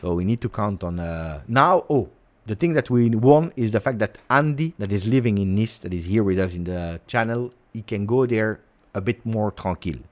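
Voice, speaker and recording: A man hosting a livestream of football transfer news, speaking theatrically, repeating words, and swinging between quiet asides and loud outbursts. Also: on the low side, expressive, normal speed. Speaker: football fan channel host.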